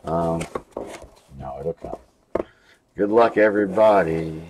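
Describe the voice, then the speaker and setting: A man's voice: on the low side, moderate pace, background noise. A young man hosting a live card break stream, casually rambling and reading off names and card numbers.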